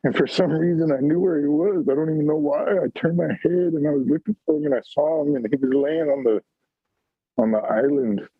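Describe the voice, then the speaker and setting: Husky, gravelly man over a tinny call. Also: fairly high pitch, animated, no echo. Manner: raw, halting storytelling, heavy swearing. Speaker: call-in panelist. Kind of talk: personal story told on a call-in stream. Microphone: video call. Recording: tinny phone-like call audio.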